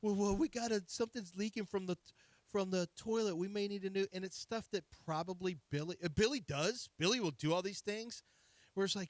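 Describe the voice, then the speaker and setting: A man hosts a sports talk show with a slightly higher voice and a quick self-deprecating humor. His voice is recorded close on a dry studio mic with no room sound. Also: no echo. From Kansas, raised in Texas. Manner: joking, self-deprecating, laughs at himself. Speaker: sports radio host. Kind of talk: casual studio banter. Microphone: studio microphone.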